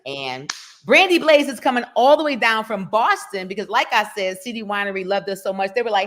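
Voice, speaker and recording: A woman poet and event host talks through her show in a casual interview. She is lively and playful, slipping into quick acted-out asides. Her voice sits at a middle pitch. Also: slight background noise. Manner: animated, playful storytelling.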